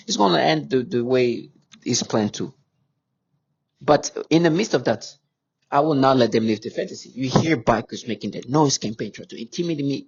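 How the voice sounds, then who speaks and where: A man speaking in an agitated, unscripted monologue to his viewers, halting often with stammered restarts. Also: medium pitch, breathy edge, dull audio. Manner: agitated and insistent. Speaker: vlogger addressing viewers.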